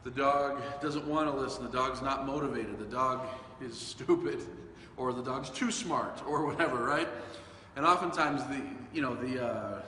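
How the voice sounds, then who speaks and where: A man's voice: mid-range voice, normal speed, pushed and bright. A man hosting a casual dog-training podcast, talking in a loose, conversational way with fillers and self-corrections. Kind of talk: casual solo podcast talk. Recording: echoey room with long reverb and faint hiss.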